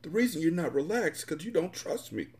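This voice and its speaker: A smooth-talking male lover, gentle and reassuring, speaking in a soft voice pitched well above the reader's own, as a man puts him on. The voice stays hushed and tender. It is delivered as part of a dramatic story reading. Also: big pitch swings, brisk. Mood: coaxing.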